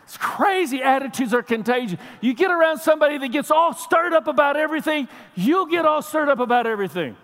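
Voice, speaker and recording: A middle-aged male pastor preaching, telling stories animatedly and building up to shouts. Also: extremely high pitch, lively intonation, a little fast, hardly any pauses. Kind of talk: sermon. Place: church sanctuary. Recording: long reverb of a large hall.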